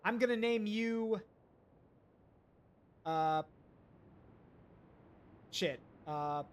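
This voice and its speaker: A man with a fairly high voice streams a naval strategy game live. He thinks out loud, hesitates, and chats with his viewers as he plays. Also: very slow, smooth. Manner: thinks aloud, hesitant, talks to chat. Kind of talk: live gameplay commentary.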